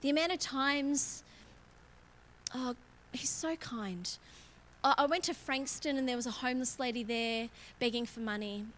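A woman's voice: high-pitched, unhurried, a bit bright, a little hiss or hum. A woman preaching a candid, conversational sermon in church, self-mocking and laughing often. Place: church auditorium.

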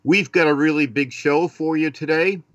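A man's voice: a little high, moderate pace, a bit bright, dry recording, muffled recording. Boston guy hosting talk radio, chatty, lots of uhs, dry close mic. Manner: chatty, self-deprecating, many "uh" fillers. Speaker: radio talk show host.

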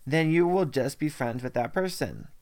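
A man's voice: medium pitch, lively intonation, moderate pace, a little mellow. A young man co-hosting a casual debate podcast, blunt and matter-of-fact, with a joking streak. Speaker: podcast co-host.

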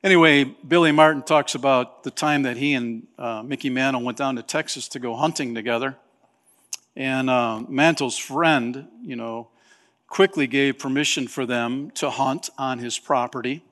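A male pastor preaching a sermon, telling stories animatedly and acting out voices with sudden shouts. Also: medium pitch, moderate pace. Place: church sanctuary. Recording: long hall reverb.

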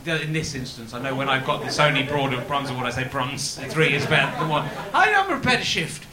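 A man's voice: medium pitch, very animated, a little fast, crowd noise. A man hosting a comedy podcast, rambling and giggling with self-mocking jokes. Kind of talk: casual comedic podcast chat. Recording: echoey room with background noise.

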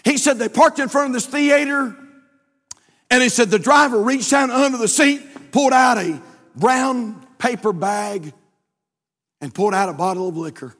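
A man's voice: very high voice, normal speed, fairly bright tone. A male pastor preaching a sermon, telling a story in a folksy way and building emphasis through repeated phrases. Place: church sanctuary. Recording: long church hall reverb.

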